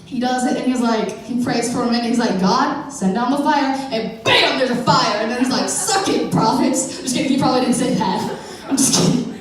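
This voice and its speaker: A young woman gives an informal sermon in a chatty, playful way, full of fillers and quick self-corrections. Her voice carries through a big hall with a long, booming echo, and she sounds some way off from the mic. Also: fairly even intonation. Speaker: youth speaker giving a church message. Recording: echoey hall from far off.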